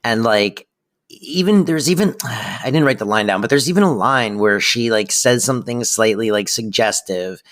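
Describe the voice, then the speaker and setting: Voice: medium pitch, moderate pace. A podcast co-host in casual chat, loosely recapping scenes with plenty of fillers and quoted lines. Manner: relaxed, lots of filler 'like', quotes lines.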